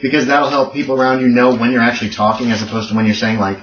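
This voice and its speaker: Relaxed man running a tabletop game. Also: mid-range voice, very fast, a little hiss or hum. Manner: relaxed, coaching players with fillers. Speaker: game master. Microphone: webcam mic. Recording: echoey room, far from mic, muffled.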